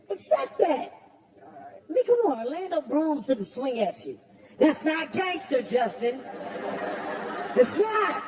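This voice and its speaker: A man doing a stand-up roast, brash and profane, shouting his punchlines. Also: extremely high pitch. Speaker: comedian at a roast. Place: stage before a live audience. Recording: roomy venue with crowd laughter.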